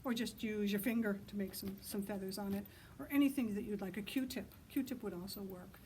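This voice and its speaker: Outdoors, a woman librarian leads children's story time, reading in an animated sing-song way and hooting loudly to get the kids joining in. Her voice is mid-range and a little fast, and the rough recording carries a little hiss or hum.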